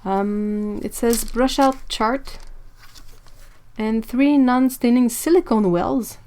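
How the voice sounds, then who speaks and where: A woman hosting a live-streamed art supply unboxing, excitable and chatty, talking to her viewers as she goes. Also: a little high, slow. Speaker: art channel host.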